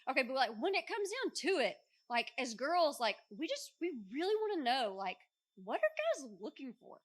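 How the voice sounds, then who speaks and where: A woman's voice: high voice, very animated, normal speed, fairly bright tone. A woman co-leading a casual, chatty talk to teenage girls alongside her husband. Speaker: co-speaker, pastor's wife.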